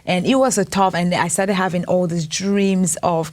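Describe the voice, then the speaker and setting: A woman in her thirties from Cameroon, sharing a personal story as an interview guest in an earnest, reflective, unhurried way. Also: fairly low pitch, steady tone, darkish tone. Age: 30s. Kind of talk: personal testimony.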